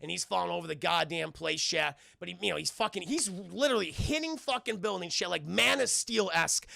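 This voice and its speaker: Gravelly, high-voiced young man ranting. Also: brisk, sharp tone, no echo. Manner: profane, rambling, keeps addressing the chat. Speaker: streamer and film reviewer. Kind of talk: casual film recap to a live chat.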